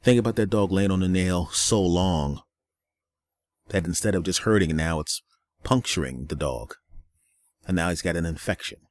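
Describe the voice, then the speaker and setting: A man's voice: low-pitched, moderate pace, pauses often, no echo. A man hosting a solo podcast, ranting in a weary, angry way, with a lot of profanity and repetition. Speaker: podcast host.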